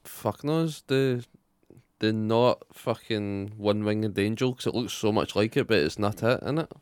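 A man's voice: fairly low pitch, measured pace, a little mellow, clean tone, no echo, clean studio sound. A Scottish man in his twenties co-hosting a podcast, talking in blunt, heavily sweary banter. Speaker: podcast co-host. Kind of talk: casual chat.

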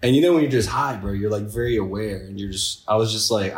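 A man with a lowish voice co-hosts a podcast, telling a rambling story fast with few pauses and laughing often in casual chat. The recording has a roomy echo.

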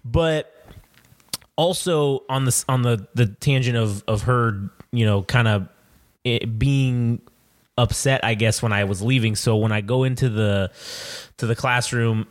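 A man's voice: mid-range voice, a little slow. A man in his thirties, co-hosting a casual chat show, telling a story with lots of swearing and acted-out voices. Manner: profane, animated storyteller acting out quoted voices. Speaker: podcast co-host.

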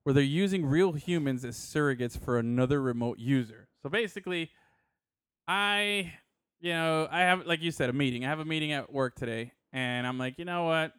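A man's voice: a little high, normal speed, fairly bright tone, smooth, no room sound, studio quality. A man co-hosting a casual talk show, joking loosely and often stumbling over repeated words. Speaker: podcast co-host. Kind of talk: casual chat.

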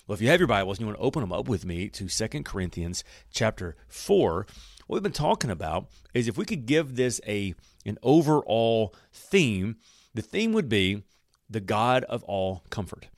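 A man hosting a podcast and teaching the Bible in a relaxed, conversational way, often correcting himself mid-sentence. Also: lowish voice, moderate pace, no echo, clean studio sound. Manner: warm, conversational storytelling with self-corrections.

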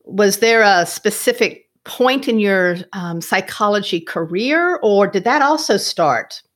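Woman host, animated intonation, curious and friendly questioner. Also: mid-range voice, unhurried. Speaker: interviewer host. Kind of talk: casual interview.

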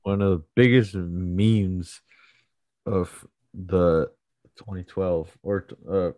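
A young man chatting casually about movies, laughing often and retelling scenes quickly. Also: deep voice, steady tone, darkish tone, no echo.

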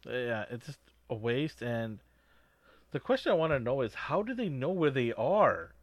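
A man's voice: medium pitch, moderate pace, dry recording. Male podcast co-host, mid-range voice, loose filler-heavy movie chat, dry recording. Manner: rambling, filler-heavy, animated reactions. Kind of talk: casual movie review chat.

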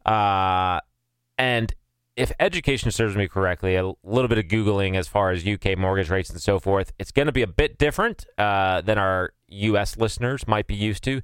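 A man co-hosts a money podcast, thinking aloud through his advice with frequent fillers. His voice sits low and smooth, recorded close and dry. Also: normal speed, dry recording. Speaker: podcast co-host. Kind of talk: casual advice chat.

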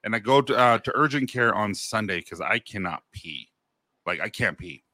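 A man's voice: on the low side, lively intonation, normal speed, pushed and bright, no room sound. A man in his thirties co-hosting a podcast, telling a story about himself in a candid, self-deprecating, casual way. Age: 30s. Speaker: podcast co-host.

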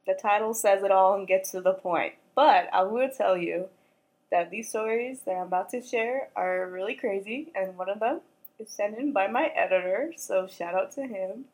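A woman's voice: mid-range voice, normal speed, poor audio. Young woman hosting a casual story podcast. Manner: casual and slangy, swears freely; reads a listener's story aloud in a hushed voice. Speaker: podcast host.

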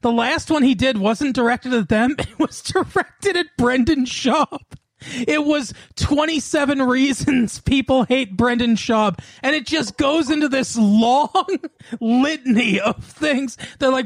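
Man, high voice, podcast co-host, giggly casual banter, dry close mic. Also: measured pace, no room sound. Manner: laughs often, quizzes his co-host. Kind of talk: casual comedy podcast chat.

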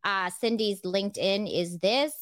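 A woman hosting a podcast, chatting in a bubbly, animated way and laughing often. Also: medium pitch, measured pace, no echo, studio quality. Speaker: podcast host. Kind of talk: casual podcast chat.

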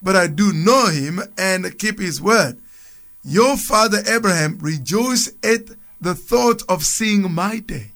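Slow, expressive and high-pitched, with a bit of brightness, this man reads scripture aloud on a radio program. He's a church speaker who follows each reading with conversational commentary, restarting and chuckling.

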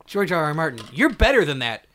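A man's voice: on the high side, very animated, fast talker, pushed and bright. A man co-hosting a comedy podcast, rambling and jokey in casual banter. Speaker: podcast co-host.

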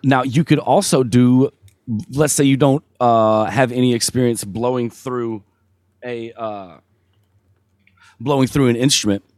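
A man's voice: medium pitch, fairly even intonation, unhurried, pauses often, a little mellow, dry recording, studio quality. A man, a streamer and musician, chatting casually in an interview, laid-back and rambling with many fillers and restarts.

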